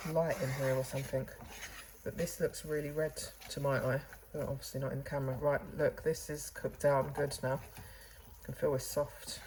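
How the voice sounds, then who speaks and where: A woman's voice: low-pitched, a little mellow, a little hiss or hum, poor audio. A woman hosting a casual cooking demonstration, chatting to viewers in a chatty, self-deprecating way. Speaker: cooking channel host. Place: kitchen away from home.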